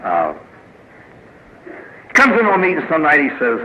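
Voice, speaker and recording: A priest giving a humorous inspirational talk at a recovery meeting, telling stories with punchlines and acting out the people in them. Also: male voice, fairly high pitch, wildly swooping pitch, normal speed, sharp tone. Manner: storytelling with punchlines, voices quoted characters. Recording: tinny lo-fi archive recording with faint hiss.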